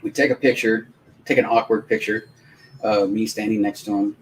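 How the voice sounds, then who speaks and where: A man's voice: fairly low pitch, normal speed, poor audio. Rambling man telling a story on stream. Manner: rambling, animated anecdotes with many restarts. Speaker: live stream host. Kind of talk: casual storytelling on a live watch-along stream.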